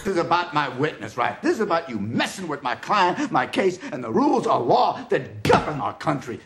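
An actor playing a forceful male lawyer in a courtroom film scene, heard as a distant film clip. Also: on the high side, big pitch swings, fairly quick, a little hiss or hum. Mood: indignant.

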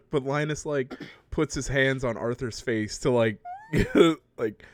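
A man's voice: mid-range voice, slow, a little hiss or hum. Man swearing through a laughing story recap. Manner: laughs often, swears freely, animated retelling. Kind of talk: casual chat recapping a story.

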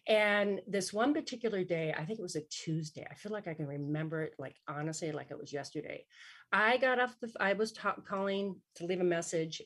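A middle-aged woman telling a personal story as a guest on a talk show, animated, laughing often and voicing other people in her tale. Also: fairly low pitch. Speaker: guest author and coach.

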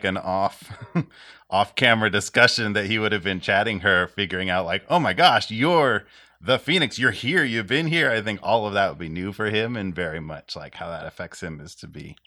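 A man's voice: sits low, steady tone, normal speed, pushed and bright. A man chatting casually and reflectively, laughing as he talks. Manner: reflective, laughs while talking. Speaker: podcast co-host and player. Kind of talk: casual chat.

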